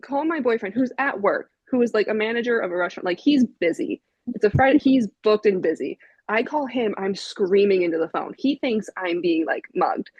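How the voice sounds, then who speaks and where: A young woman chats on a podcast and tells a story with plenty of energy, laughter and fillers. Her voice sits at a middling pitch. The recording is dry and slightly dull. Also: a little fast, slightly rough, dry recording. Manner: animated, laughing, frequent "like" fillers. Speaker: podcast guest, vinyl collector.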